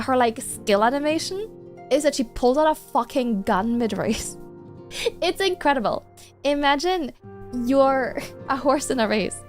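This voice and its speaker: A young woman streaming games, chatting casually and gushing to her chat with giggles. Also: sits high.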